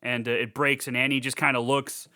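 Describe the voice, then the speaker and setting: A man's voice: medium pitch, flat delivery, a little fast, sharp tone, no room sound, clean studio sound. A man co-hosting a podcast, casually recapping a horror film, swearing, laughing, and acting out the characters' lines. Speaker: podcast co-host. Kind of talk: casual movie recap chat.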